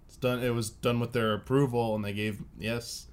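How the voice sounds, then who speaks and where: A man chatting casually as a podcast co-host, relaxed and matter-of-fact. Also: medium pitch, moderate pace, clear, resonant tone. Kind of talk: casual chat.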